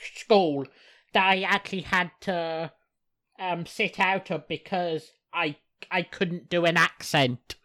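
Uk woman cohosting a podcast, slow deliberate talk, swears a lot, bright tone. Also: lowish voice, steady tone. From United Kingdom. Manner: swears often, talks in emphatic bursts. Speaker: podcast co-host. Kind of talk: casual podcast chat.

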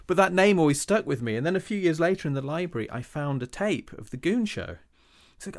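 A man's voice: on the high side, animated, fairly quick. A man from Britain chatting enthusiastically, acting out little quotes of his own reactions. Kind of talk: casual chat.

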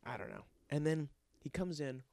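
Exasperated young male bartender, profane casual rant, slightly high, very animated delivery. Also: gravelly, no echo. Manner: exasperated, profane, rapid-fire ranting.

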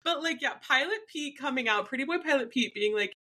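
A woman's voice: high-pitched, animated, a little fast, sharp tone. A young woman co-hosting a podcast in casual chat, gushing and playful, acting out what others said. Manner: gushing, playful, acts out quotes. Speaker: podcast co-host.

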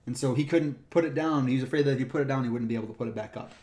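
A man with a mid-range voice chats casually, recounting stories from his work as a park ranger. He tells them in a lively way and plays out the voices of the people involved. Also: mid-range voice, racing. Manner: animated retelling, acts out the people in his stories. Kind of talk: casual storytelling chat.

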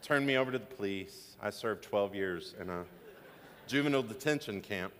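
A man's voice: fairly low pitch, lively intonation, moderate pace, a bit bright, in a large hall, a little hiss or hum. A man pastor preaching a sermon, telling stories with joking asides. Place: church sanctuary.

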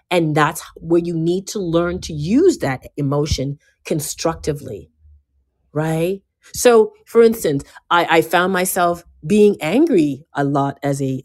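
A woman giving a casual motivational talk, emphatic and given to repeating herself, swinging between loud bursts and quiet asides. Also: fairly low pitch. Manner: emphatic, often repeating and restarting words. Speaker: speaker giving a self-help talk.

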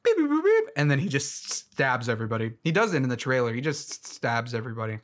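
A young man reacts casually to a movie trailer, rambling along in a mid-range voice that's quick and slightly bright. He's a film commentator who relies heavily on fillers, starts his sentences over, and laughs readily.

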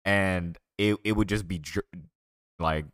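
Deep-voiced man, dry laid-back chat. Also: fairly even intonation, takes it slowly, fairly bright tone, no echo. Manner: laid-back storytelling with fillers. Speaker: streamer and podcast co-host. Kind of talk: casual banter.

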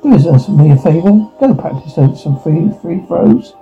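Man, higher pitch, husky and gravelly; reads every role and the sound cues himself; dull lo-fi take, faint music under it. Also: animated, normal speed. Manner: reads sound cues aloud between lines. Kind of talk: reading all parts of a teen drama scene aloud. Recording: dull lo-fi recording.

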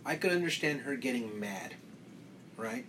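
A man's voice: medium pitch, big pitch swings, moderate pace, creaky, fairly bright tone, a little hiss or hum. Agreeable man co-hosting a podcast. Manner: agreeable, chimes in with short affirmations. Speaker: podcast co-host. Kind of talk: casual podcast discussion.

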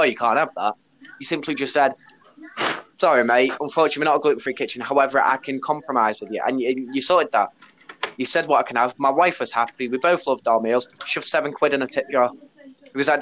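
A man hosting a podcast, telling a story in a casual, blunt way, swearing often. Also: mid-range voice. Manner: blunt, sweary, animated retelling with laughs. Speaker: podcast host; bar worker.

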